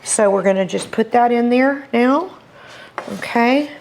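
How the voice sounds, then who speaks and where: A woman's voice: a little high, unhurried, vocal fry, a little mellow, a little hiss or hum. A middle-aged woman with a Texas accent hosting a cooking demonstration, chatty and enthusiastic as she walks viewers through each step. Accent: Texan. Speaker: cooking show host.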